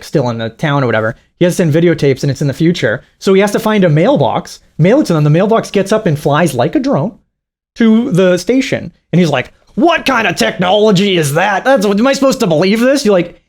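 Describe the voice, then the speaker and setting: Rambling, profane podcast talker with a lively voice. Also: medium pitch. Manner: rambling and profane, mocking, with laughs and acted-out quotes. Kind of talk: casual podcast chat.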